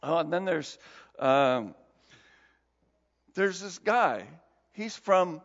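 A male pastor gives a conversational, animated sermon in a high voice. The recording is dull and lo-fi, with a long hall reverb around him. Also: extremely slow, pauses often.

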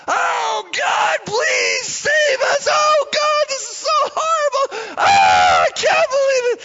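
A man voicing a distraught old man wailing and shouting in grief. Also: very high-pitched, wildly swooping pitch, takes it slowly, gravelly, lo-fi sound, a crowd in the background, noisy background, pitched above the performer's own voice, exaggerated voice. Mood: anguished wailing.

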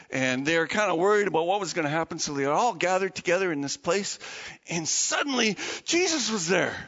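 A man telling a story to children in an animated, dramatic way. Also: a little high, in a large hall, highs cut off. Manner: animated, dramatic retelling with restarts.

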